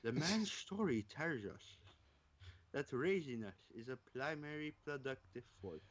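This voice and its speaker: A man's voice: medium pitch, expressive, a little slow. A man co-hosting a comedy podcast, reading news articles aloud and laughing through them. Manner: reads headlines, breaks into laughter. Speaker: podcast co-host. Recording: dull lo-fi podcast audio.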